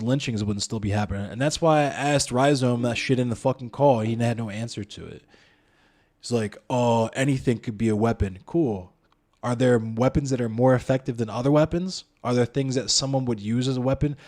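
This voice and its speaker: A male streamer in a heated, argumentative monologue. He talks straight at his chat, swears freely and keeps firing rhetorical questions, at an ordinary middle pitch for a man. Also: a little mellow. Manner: profane, blunt, addresses chat and viewers directly. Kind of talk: heated live-stream commentary.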